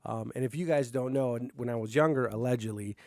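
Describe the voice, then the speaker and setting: A young man talks alone into his mic in a basement, his voice dry and close with no room around it. He wanders from one tangent to the next, crude and easily worked up into rants, at a mid pitch that is neither high nor low. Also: a little mellow, dry recording. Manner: crude, rambling, quick to anger. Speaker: podcast host. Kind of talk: solo podcast rant. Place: home basement.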